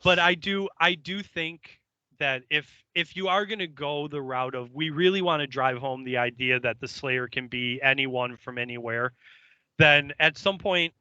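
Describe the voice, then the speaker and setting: A man co-hosting a casual podcast, easygoing with a deadpan sarcastic streak. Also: a little high, moderate pace, smooth, no echo, muffled recording. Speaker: podcast co-host. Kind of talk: casual chat.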